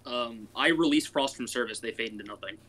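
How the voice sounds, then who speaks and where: A man's voice: medium pitch, a little fast, sharp tone, a little hiss or hum. A man playing in a tabletop game who jokes in a dry way. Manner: dry, jokey. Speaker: player. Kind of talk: casual tabletop game play.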